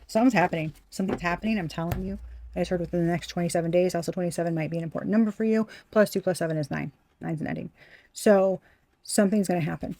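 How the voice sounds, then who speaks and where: Mellow-voiced, profane woman tarot reader. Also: on the low side, rapid-fire. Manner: blunt and profane, repeats phrases for emphasis; talks straight to the viewer as "you". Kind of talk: casual spoken tarot reading.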